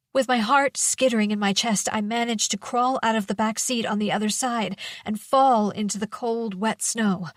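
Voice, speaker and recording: A woman reading a first-person mystery thriller audiobook in a measured, tense manner. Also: mid-range voice, dry recording, clean studio sound. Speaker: audiobook narrator.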